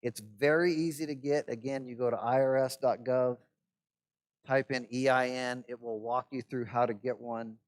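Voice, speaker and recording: A man's voice: medium pitch, fairly even intonation, normal speed. A man, a pastor, lecturing a class on church administration in a conversational way, often checking in with "right?" and adding wry asides.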